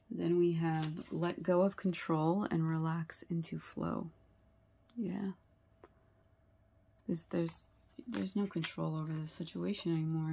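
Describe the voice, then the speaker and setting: Woman tarot reader, earnest and sympathetic; low, gravelly voice. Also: mellow. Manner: earnest and sympathetic, many fillers and rhetorical "right?". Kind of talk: tarot reading video.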